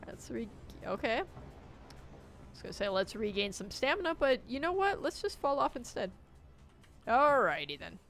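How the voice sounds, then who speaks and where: A woman streaming a game live, chatting and joking with viewers and shouting out loud when things go wrong. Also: on the high side, big pitch swings, moderate pace, long pauses. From United States. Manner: jokey, reacts loudly with sudden shouts. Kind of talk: live gameplay commentary.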